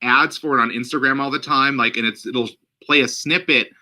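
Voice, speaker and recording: A man's voice: medium pitch, steady tone, brisk, sharp tone. A man co-hosting a podcast in casual chat, rambling with frequent fillers and laughs. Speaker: podcast co-host.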